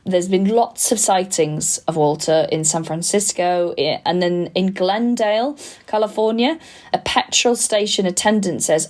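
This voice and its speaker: A woman's voice: on the low side, unhurried, a little mellow. A woman co-hosting a true-crime comedy podcast, talking casually and bluntly and often restarting her sentences.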